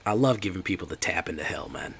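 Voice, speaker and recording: A man with a deep voice giving casual, joking commentary while streaming a card game. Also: lively intonation, fast talker, vocal fry, a bit bright, a little hiss or hum. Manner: joking, chatty, talks to chat.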